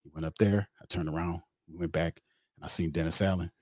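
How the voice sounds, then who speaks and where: A man's voice: deep voice, steady tone, fast, no room sound, studio quality. A man hosting a sports talk show, telling a rambling, joking story in a loose, slangy way. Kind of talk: casual comedic sports talk.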